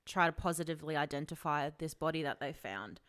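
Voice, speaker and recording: Woman, casual podcast co-host; low-set, smooth, chatty storyteller. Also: lively intonation, quick pace, a bit bright. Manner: chatty, retells a story with lots of "like" and swearing. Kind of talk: casual chat.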